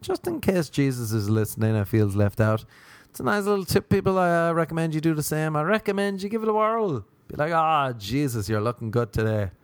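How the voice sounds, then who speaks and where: A young Irish man performing a stand-up comedy monologue, animated, and often jumping high in pitch when acting out other people. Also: fairly quick, dry recording. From Ireland.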